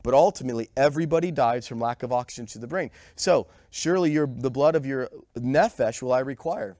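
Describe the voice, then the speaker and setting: A man's voice: medium pitch, a little fast, a little mellow, dry recording, clean studio sound. A man giving a conversational sermon with a cold, quizzing the congregation and sometimes short of breath. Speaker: pastor. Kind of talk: sermon with audience questions. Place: church sanctuary.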